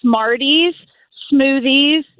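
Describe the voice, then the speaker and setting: A woman's voice: sits high, drawn-out words, no echo. A woman in her thirties calling in to play a radio game, cheerful and chatty. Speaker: caller and contest player. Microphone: phone. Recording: tinny phone line.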